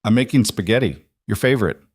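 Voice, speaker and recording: A weary, protective single dad, blunt and guarded, as a male narrator plays him. The voice sits low and the read is close and dry. It comes across as a plain audiobook character voice. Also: animated, quick pace, breathy edge, no echo. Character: tired, protective single father and mechanic.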